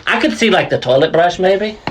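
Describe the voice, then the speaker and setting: A man's voice: sits high, expressive, a little fast, slight background noise. A man co-hosting a podcast in casual chat, joking crudely and swearing, with lots of fillers. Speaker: podcast co-host.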